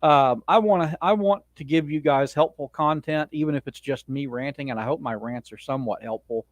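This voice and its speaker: Male podcast host, solo rant, blunt and opinionated, slightly high voice, dry close sound. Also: fairly quick, no echo. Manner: blunt, opinionated, frequent restarts. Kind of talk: casual monologue rant.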